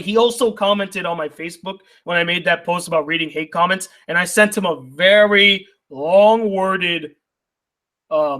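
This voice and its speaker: Heated high-voiced man ranting. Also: a bit bright. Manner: indignant, argumentative, rhetorical questions. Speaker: YouTube critic reading viewer mail.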